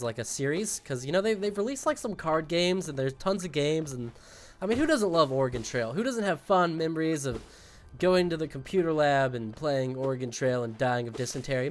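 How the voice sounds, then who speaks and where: Jokey rambling male game streamer. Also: fairly high pitch. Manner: jokey, rambling, talks to chat while playing. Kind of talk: casual gaming stream chat.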